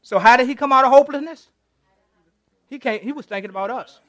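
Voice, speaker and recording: A man's voice: extremely high pitch, fast talker, a bit bright, no room sound. A male pastor giving a conversational, interactive sermon, teasing members of the congregation and retelling scripture.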